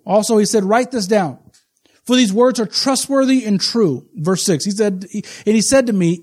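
A man in his forties preaching a sermon as pastor, shifting between quiet, confiding asides and slow, emphatic, rising proclamation. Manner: swings from low, intimate asides to loud, slow, emphatic proclamation.

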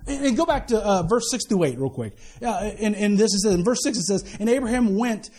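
A male pastor giving a sermon in a conversational, animated way, often restarting his sentences and adding quick asides. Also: high-pitched. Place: church worship service.

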